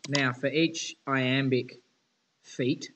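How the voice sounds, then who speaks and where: A man's voice: mid-range voice, fairly even intonation, very slow, a bit bright, a little hiss or hum, rough recording. Male teacher, informal lesson delivery, casual and candid with students. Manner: casual, chatty and frank.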